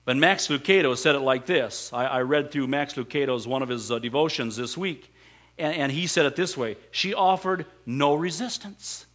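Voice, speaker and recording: A man's voice: mid-range voice, normal speed, fairly bright tone, highs cut off. A man preaching a sermon, asking the congregation rhetorical questions and pressing his points with emphasis. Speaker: pastor.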